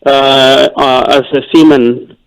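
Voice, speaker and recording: A man's voice: mid-range voice, level tone, takes it slowly, poor audio. Caller guy from india, kinda hesitant, lots of uhs, mid-range voice. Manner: hesitant, many uh fillers and restarts. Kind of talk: phone call-in question.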